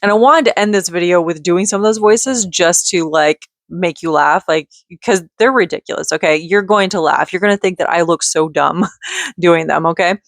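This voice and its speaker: A woman vlogging in a casual, rambling way, chatty and quick to giggle as she drifts off on tangents. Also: on the low side, no echo, studio quality. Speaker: vlogger and mother.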